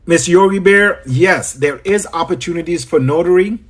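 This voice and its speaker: A business coach from Trinidad and Tobago talks at normal speed in a high voice with a Trinidadian accent during his livestream Q&A. He is chatty, greeting viewers by name and repeating his phrases.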